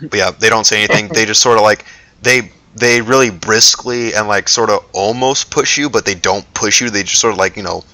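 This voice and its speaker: A man running a tabletop game as game master, his narration loose and full of fillers. His voice is low but bright and sharp. He laughs often at his players. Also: fairly quick, dry recording, rough recording.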